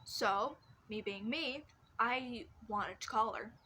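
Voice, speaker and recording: Fairly high-pitched, bright and forceful, this teen vlogger speaks slowly over a little hiss or hum. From her bedroom she shares personal stories in a casual, rambling way, full of restarts and fillers.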